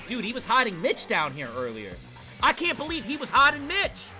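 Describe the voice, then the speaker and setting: A man streaming a game, reacting loudly and swearing in exasperated outbursts. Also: extremely high pitch, wildly swooping pitch, a little fast, over music.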